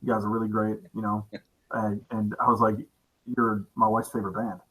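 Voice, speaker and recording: A man telling a concert story in casual chat, relaxed, with many "uh" fillers. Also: lowish voice, brisk, husky, rough recording.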